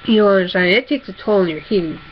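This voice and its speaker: A woman's voice: medium pitch, expressive, quick pace, lo-fi sound, a little hiss or hum. A woman vlogger, chatting casually in a rambling, self-correcting way. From upper Midwest of the United States. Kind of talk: casual chat.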